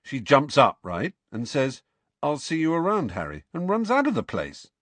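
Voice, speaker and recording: A man's voice: a little high, huge pitch swings, moderate pace, a bit bright, no room sound, pitched above the performer's own voice, exaggerated voice. A man voicing a teenage schoolboy who gets flustered and indignant. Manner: spluttering, indignant.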